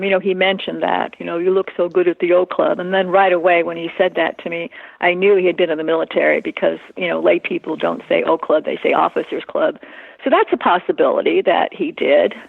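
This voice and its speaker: Woman with a gravelly voice on a phone line. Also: lowish voice, steady tone, dry recording. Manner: halting, many fillers, earnest. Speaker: interview guest. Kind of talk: emotional personal recollection.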